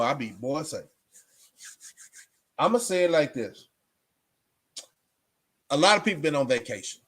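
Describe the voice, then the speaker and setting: This man from Texas has a voice on the high side, a bit bright with a breathy edge. As a vlogger he preaches straight talk in a casual monologue, emphatic and prone to repeating himself.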